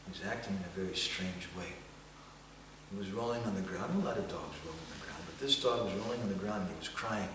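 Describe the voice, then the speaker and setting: A man giving a seminar talk, telling a devotional story in a gentle storytelling manner, recorded from far off in a festival hall. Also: deep voice, fast, noisy background. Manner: gentle storytelling, occasional chanting. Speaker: seminar speaker. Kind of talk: storytelling sermon.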